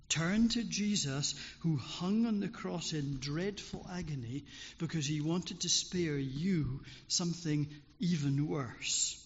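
A male preacher delivering an earnest, pleading sermon in a slow, deliberate cadence. His voice sits a little higher than most men's. The recording is muffled and lo-fi, with long reverb trailing off through a large church hall. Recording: dull recording in echoing hall.

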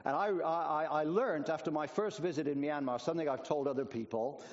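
A man's voice: on the high side, brisk. A man in his sixties with a mixed international, partly American accent, a retired pastor giving a chatty, hesitant sermon. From Bolivia. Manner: chatty, hesitant with many fillers. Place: church hall. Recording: dull sound, long church reverb.

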